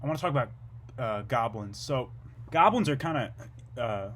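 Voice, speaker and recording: Rambling young man, deadpan comedic monologue. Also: moderate pace, a little hiss or hum. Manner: meandering, absurd, low-key deadpan asides.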